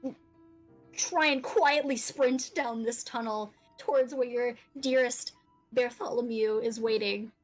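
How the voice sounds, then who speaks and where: Woman, dungeon master, tabletop game narration, a bit high, laughs often. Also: fairly even intonation, a little slow, faint music behind, low-quality recording.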